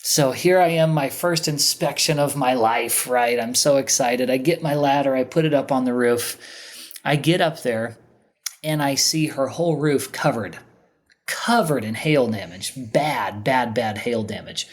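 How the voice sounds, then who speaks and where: Animated man telling a story. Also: medium pitch, unhurried. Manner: animated storyteller who acts out other people's lines. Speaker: podcast guest. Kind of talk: candid storytelling in casual conversation.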